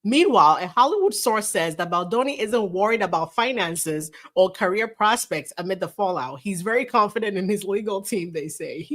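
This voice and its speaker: A woman hosting a casual livestream reads a celebrity news article aloud, mocking it with sarcastic, incredulous remarks and frequent laughter. Her mid-range voice is animated and fairly bright, moving at a moderate pace with hardly any pauses. She's recorded through a livestream camera setup.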